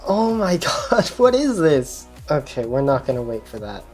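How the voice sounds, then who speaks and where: Woman, very low voice, excitable, swears and laughs, casual vlog commentary, faint music behind. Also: moderate pace, husky. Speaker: speedcubing channel host. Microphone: GoPro camera.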